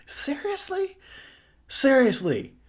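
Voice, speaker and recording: Guy putting on a fed-up masked killer, whiny and squeaky high, all disbelief. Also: wildly swooping pitch, slow pace, exaggerated voice. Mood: exasperated. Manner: incredulous, whiny complaining. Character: exasperated male masked killer fed up with campers.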